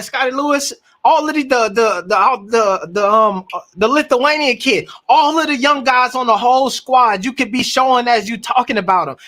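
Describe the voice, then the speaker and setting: A man hosting a live reaction stream, talking emphatically and repeating words as he works through his thoughts. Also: extremely high pitch. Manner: animated, emphatic, repeats words while thinking.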